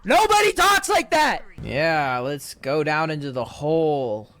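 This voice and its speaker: A man's voice: on the high side, fairly bright tone. A man giving let's play commentary in a sarcastic, exasperated way, swearing often. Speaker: gaming video creator.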